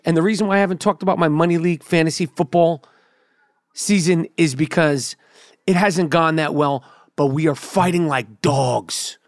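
A man's voice: a little high, vocal fry, no echo, studio quality. A man hosting a podcast, telling a rambling, profane, comedic story in casual chat. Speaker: podcast host.

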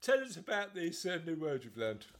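A man's voice: a little high, very animated, brisk, fairly bright tone. A man, co-hosting a podcast in casual, jokey, teasing chat. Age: 40s. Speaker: podcast co-host.

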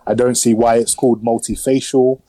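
Casting: male podcast host, mellow, slangy and rambling, mid-pitch. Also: little pitch movement, a little fast, no room sound, poor audio. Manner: rambling, slangy, lots of fillers. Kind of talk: casual film review chat.

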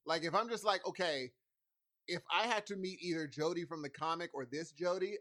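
A man co-hosting a casual podcast who talks in a playful, animated way and laughs often. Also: fairly high pitch, a little fast. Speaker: podcast co-host. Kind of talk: casual chat.

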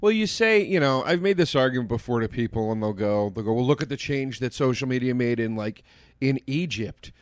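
Young man, podcast co-host, bleak swearing rants, pitch swinging widely, dry close mic. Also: animated, fairly quick, dry recording. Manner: gloomy, profane ranting. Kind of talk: casual podcast chat.

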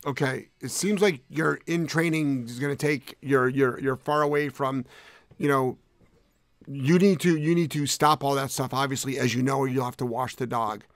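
A man's voice: medium pitch, fairly even intonation, normal speed, no echo. A middle-aged man, a dog trainer co-hosting a live Q&A, answering bluntly with swearing and jokes. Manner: blunt, profane, joking. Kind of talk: live-stream Q&A chat.

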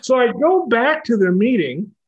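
A man in his fifties, an author interviewed as a guest, telling animated stories with frequent laughter. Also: very high voice, measured pace, dull audio. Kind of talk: conversational interview storytelling.

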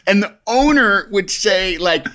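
A man's voice: sits high, lively intonation, unhurried, bright, forceful tone. A middle-aged man hosting a podcast in casual chat, rambling with many restarts. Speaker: podcast host.

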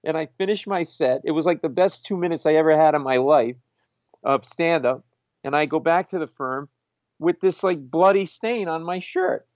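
A man, a comedian, telling an animated anecdote in conversation, acting out the people he quotes and laughing as he goes. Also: on the high side, normal speed, no echo, highs cut off. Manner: acts out quoted voices, laughs mid-story. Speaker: stand-up comedian guest.

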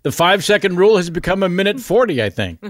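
Lively joking male podcast host. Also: sits high, fast, no echo. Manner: playful, introduces guests with jokey nicknames. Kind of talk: casual comedic banter.

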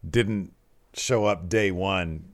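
A man's voice: low-pitched, slow, no room sound. A man co-hosting a casual wrestling chat show, laid-back, laughing easily and reading out fan questions. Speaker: podcast co-host.

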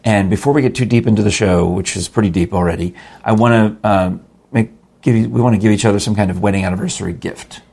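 A man's voice: lowish voice, quick pace, gravelly, a little mellow, breathy edge. An older man co-hosting a show with his wife, chatting casually and rambling with chuckles and restarts. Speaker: podcast co-host. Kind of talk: casual chat.

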